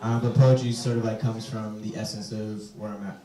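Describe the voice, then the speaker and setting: A hesitant, soft-spoken man answers questions from a live audience. His pauses and fillers come through a distant mic. The room around him is echoey. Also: fairly low pitch, level tone. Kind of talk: live Q&A at a poetry reading. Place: echoey event space.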